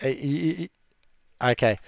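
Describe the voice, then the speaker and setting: Chatty game master with smooth, dull-sounding audio. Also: male voice, normal speed, no echo. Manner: relaxed, chatty, laughs often, shouts enemy cries in high voices. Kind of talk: narrating a tabletop game. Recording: dull lo-fi stream audio, dry.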